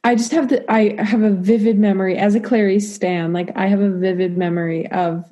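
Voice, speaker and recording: A young woman co-hosting a podcast, giggly and quick to agree in casual chat. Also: medium pitch, steady tone, warm tone, dull audio. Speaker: podcast co-host.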